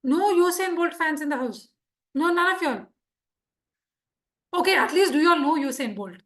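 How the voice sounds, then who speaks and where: Female speaking coach, high and animated, audience quizzing. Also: moderate pace. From India. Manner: lively, quizzes the audience, acts out examples. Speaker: public speaking trainer. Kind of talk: interactive workshop lesson. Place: club meeting room.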